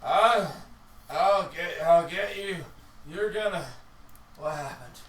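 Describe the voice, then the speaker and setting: A game master voicing a groggy, confused male goliath giant in a tabletop game, speaking haltingly. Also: medium pitch. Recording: echoey room, mic at a distance.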